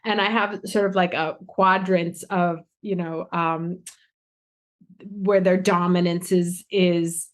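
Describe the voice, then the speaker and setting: A woman's voice: lowish voice, steady tone, takes it slowly. Enthusiastic woman podcast host. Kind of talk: conversational interview.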